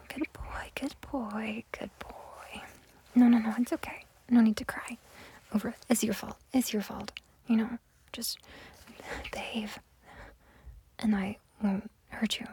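Whispered role-play of a domineering young woman who mocks and coaxes in turn, voiced by a woman. Her breathy whisper stays right at the ear, slightly high-pitched, with a faint hiss of noise underneath. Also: little pitch movement, unhurried, pauses often, mellow, natural voice. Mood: angry. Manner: breathy close whisper, taunting, repeats herself. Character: domineering, mocking young woman, cruel then coaxing.

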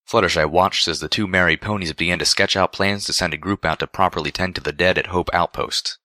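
A man narrating a fan fiction story aloud in a steady reading voice. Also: deep voice, fairly quick, no room sound, clean studio sound.

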